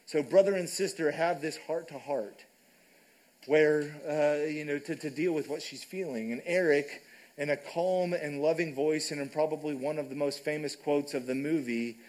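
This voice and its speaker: A man delivers a sermon in a church. His voice sits a little high for a man, and his delivery is loose and conversational, often stopping to check in with the congregation. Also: normal speed, a little mellow, rough recording. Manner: conversational, frequent "right?" asides. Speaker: preacher. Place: church sanctuary.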